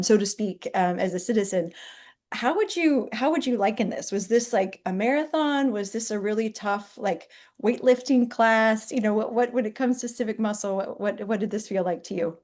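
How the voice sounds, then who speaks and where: A woman's voice: mid-range voice, darkish tone. A woman hosting a webinar interview, affirming her guest and asking long, rambling questions. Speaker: webinar host.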